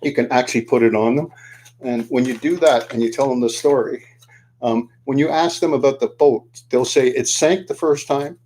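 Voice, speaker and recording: A man telling a folksy story, animated, asking the listener questions as he folds a paper boat. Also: mid-range voice, brisk, slight background noise. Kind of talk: oral storytelling to the camera.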